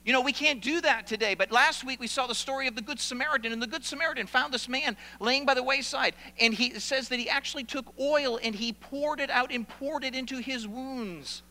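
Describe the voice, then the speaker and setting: A man preaching a sermon as a pastor, animated and repeating phrases for emphasis. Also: very high voice, brisk, few pauses, in a large hall.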